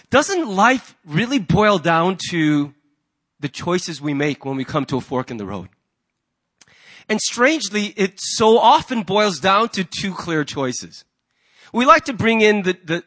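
Man, pastor, high voice, sermon, animated storytelling. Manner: animated storyteller, acts out the people in his anecdotes.

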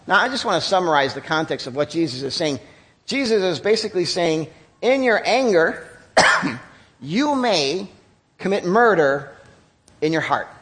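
Male pastor, conversational sermon delivery; high, very animated pitch. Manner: conversational, candid preaching with emphatic pauses.

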